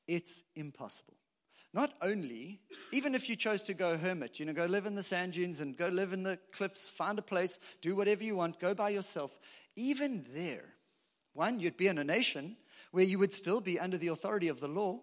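Male pastor, high voice, chatty sermon delivery with rhetorical questions. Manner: conversational preaching full of rhetorical questions and asides.

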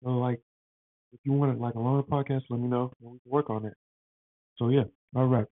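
Excitable, rambling man on a tinny line. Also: mid-range voice, fairly quick, no echo. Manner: rambling, excitable, slangy, lots of fillers. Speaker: podcast host. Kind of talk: casual podcast chat. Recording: dry, tinny phone-like sound.

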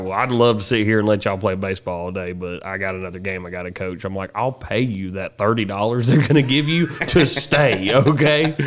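Lowish-voiced man telling stories with laughs. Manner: animated storyteller, laughs often, swears freely. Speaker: podcast co-host. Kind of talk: casual podcast chat.

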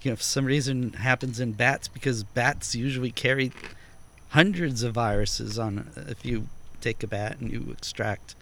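A man's voice: medium pitch, moderate pace, creaky, a bit bright, a little hiss or hum. A man hosting a casual chat, explaining at length with hesitant restarts.

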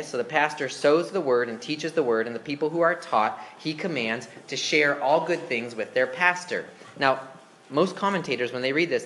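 A man's voice: mid-range voice, fairly bright tone, slight background noise. Conversational male pastor preaching. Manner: asks the congregation questions, conversational. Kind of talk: interactive sermon. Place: church.

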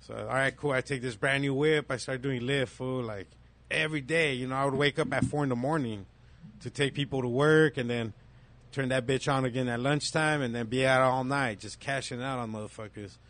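A man telling a story in casual chat, animated and profane, acting out the other voices. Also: medium pitch, a little fast.

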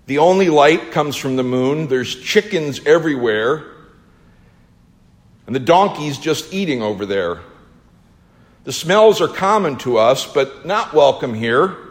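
A man delivering a theatrical first-person monologue, slow and emotional, his voice rising in urgent swells. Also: a little high. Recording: long hall reverb.

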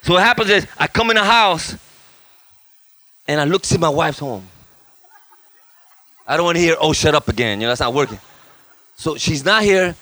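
A man in his fifties, a guest pastor preaching a lively storytelling sermon, acting out voices and shouting lines for effect. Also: on the high side, no room sound. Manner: animated, acts out voices and shouts for effect, laughs often.

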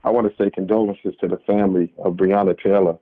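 Over a thin, tinny phone connection, a low-pitched man from New York phones a radio program and speaks quickly with a steady tone and no room sound. His impassioned commentary comes across as earnest and preachy, full of false starts.

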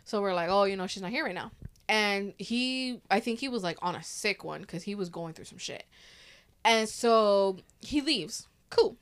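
A woman's voice: mid-range voice, moderate pace, clear, resonant tone. A woman in her thirties telling a story in casual chat. She swears freely and acts out the voices of the people in it. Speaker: podcast host.

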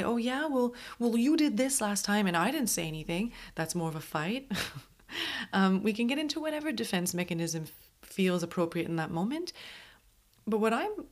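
A woman hosting a podcast, talking casually about mindfulness, laughing often and acting out inner voices, with many restarts. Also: mid-range voice. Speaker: podcast host.

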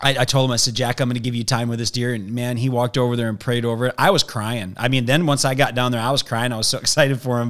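A man's voice: mid-range voice, a bit bright. A man with a mid-range voice tells a story with real energy. He acts out the voices of the people in it as he goes. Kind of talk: animated hunting story.

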